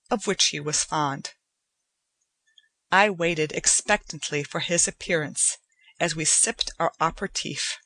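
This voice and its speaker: A woman reading a short story aloud at a very slow, unhurried pace. Her voice sits low and steady, measured and somber. The recording is close and dry, with no room sound. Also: no room sound. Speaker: audiobook narrator. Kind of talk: scripted narration.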